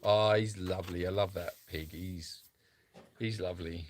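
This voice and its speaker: A man co-hosting a live stream from an animal sanctuary, who talks in a rambling, jokey, animated way. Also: sits low, moderate pace. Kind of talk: casual live-stream chat.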